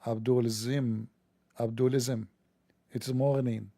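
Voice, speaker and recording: A man's voice: mid-range voice, flat delivery, slow, dark tone, dry recording. A man delivering a sarcastic, joking monologue as a religion commentator, mocking and rambling with asides.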